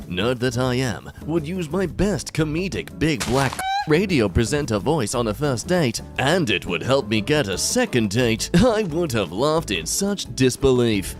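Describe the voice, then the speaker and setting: A young American man reads memes aloud with dry, deadpan timing. His pitch leaps around a lot, and soft music plays underneath. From United States. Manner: deadpan with sudden silly voices. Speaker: meme reaction host. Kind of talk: comedic meme commentary.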